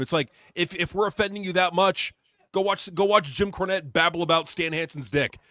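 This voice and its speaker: A man with a fairly high-pitched voice, co-hosting a casual podcast, ranting in a heated and profane way. His voice sounds close and dry, with no room sound. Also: brisk, pushed and bright, no room sound. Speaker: podcast co-host.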